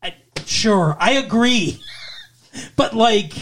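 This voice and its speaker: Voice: medium pitch, animated, slow pace, fairly bright tone, slight background noise. A podcast co-host picking apart a horror movie in casual chat, swearing freely and rambling with lots of fillers and restarts.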